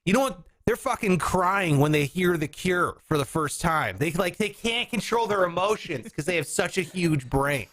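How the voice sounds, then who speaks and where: A man hosting a podcast, riffing in casual comic chat, rambling and breaking into shouts for bits. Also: high voice, animated, moderate pace, hardly any pauses. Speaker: podcast host.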